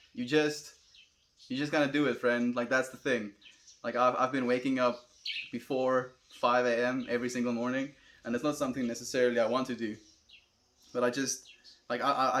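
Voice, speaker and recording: A young man with a South African accent, livestreaming and reading chat aloud in a calm, laid-back way, often calling viewers friend. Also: medium pitch, a little hiss or hum.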